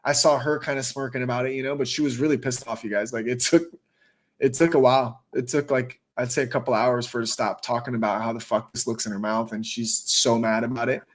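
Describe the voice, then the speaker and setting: A man hosting a casual stream, telling a family story in an animated way, swearing freely and calling everyone "bro". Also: mid-range voice, quick pace. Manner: animated, profane, says "bro" a lot. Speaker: stream host.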